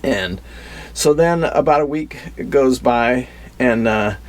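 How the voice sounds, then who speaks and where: A man's voice: mid-range voice, expressive, slow pace, a little mellow, slight background noise. A man telling a story in a casual vlog, rambling, with many fillers and restarts. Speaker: vlogger.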